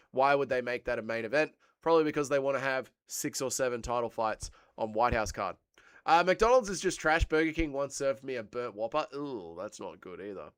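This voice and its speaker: Here a man's slightly high, somewhat bright voice comes through cleanly with no room sound. He's an Australian streamer nursing a cold, going through live chat and rambling casually with plenty of swearing and crude jokes.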